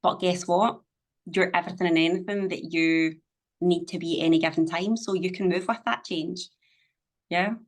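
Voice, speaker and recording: A woman's voice: on the low side, steady tone, moderate pace. A middle-aged woman, speaking as a podcast guest in casual conversation, emphatic and motivational, swearing freely. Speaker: podcast guest, business owner.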